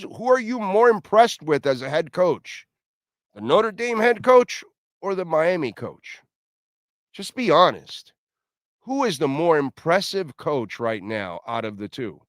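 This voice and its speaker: A man's voice: high voice, no room sound, clean studio sound. A middle-aged man hosting a sports talk radio show, ranting bluntly and lecturing listeners.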